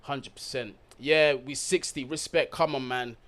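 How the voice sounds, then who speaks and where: A man hosting a live football watch-along, reading out viewers' comments and giving them shout-outs in an upbeat, slangy way. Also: medium pitch, steady tone, measured pace. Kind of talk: live-stream chat.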